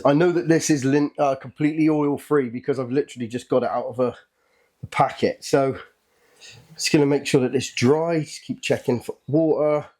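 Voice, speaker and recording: Nervous chatty man narrating his work. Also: medium pitch. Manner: chatty, nervous and excitable, thinking aloud as he works. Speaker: channel host. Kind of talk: casual hands-on workshop narration.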